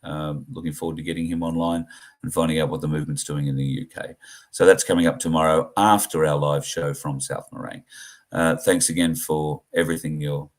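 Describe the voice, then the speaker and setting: A middle-aged man with an Australian accent, hosting a livestream and talking earnestly and plainly to his viewers, with frequent pauses and fillers. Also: very deep voice, steady tone. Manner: earnest, plain-spoken, halting with many fillers. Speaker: livestream host. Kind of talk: casual livestream talk to viewers.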